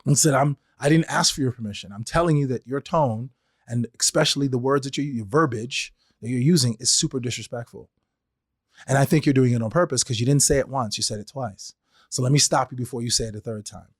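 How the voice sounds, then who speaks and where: This solo podcast monologue features a man speaking fairly quickly in a mid-range voice, chatting through his ideas and performing remembered exchanges in different voices. The sound is studio quality with no echo.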